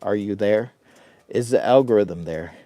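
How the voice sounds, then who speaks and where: A man's voice: lowish voice, measured pace, warm tone, no room sound. A man casually rambling through a camping vlog, goofy and self-mocking, chatting straight to his viewers. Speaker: vlogger. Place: hot tent while camping.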